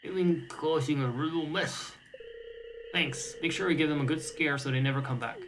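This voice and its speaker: A man voicing a grumpy old man from a video game, gruff and slow-spoken. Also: on the high side, sing-song, background noise, voice pushed up.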